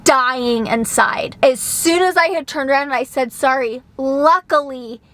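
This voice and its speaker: A young adult woman vlogger telling a story in a casual, animated way. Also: high-pitched, a little slow. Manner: animated, expressive retelling.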